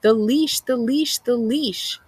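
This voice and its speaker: A woman voicing a free-roaming male dog who laughs loudly and scornfully at leashed pets. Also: slow, breathy edge, no room sound, exaggerated voice. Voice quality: high hooting laugh. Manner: loud, gleeful, scornful.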